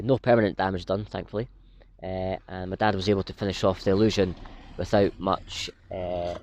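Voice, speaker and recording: A middle-aged man hosting a pipe-smoking vlog, telling a family story in a relaxed way with many "uh" fillers. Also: low voice, no echo. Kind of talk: casual storytelling. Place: woodland, outdoors.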